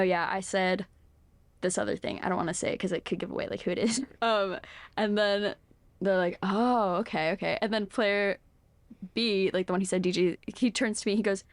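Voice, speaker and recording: A young woman co-hosting a podcast, rambling cheerfully through her stories with constant fillers and frequent laughter. Her voice sits at a middle pitch. It is recorded close and dry, with no room sound. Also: no echo. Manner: chatty storyteller, laughs often, heavy "like" filler. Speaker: podcast co-host. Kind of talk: casual chat.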